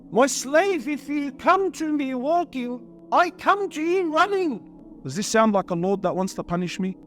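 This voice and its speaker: Aussie guy preaching to a crowd, really high voice, keeps going "brother" and asking questions. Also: a bit bright. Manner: passionate, addresses crowd as brother, rhetorical questions. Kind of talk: impassioned sermon. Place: lecture hall before an audience.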